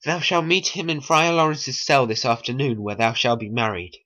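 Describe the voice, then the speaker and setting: A man's voice: medium pitch, fairly even intonation, normal speed, sharp tone, natural voice. A man voicing a fussy, exasperated older nurse in a homemade stop-motion animation.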